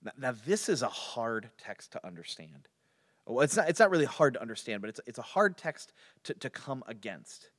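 A man's voice: mid-range voice, sing-song, normal speed, a bit bright. A man teaching an informal Bible study with frequent restarts and chuckles between points. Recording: long hall reverb.

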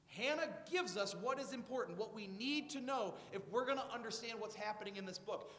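Preacher, male, high-pitched, animated storyteller who restarts words; reverberant church hall. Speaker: pastor. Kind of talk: sermon. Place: church sanctuary.

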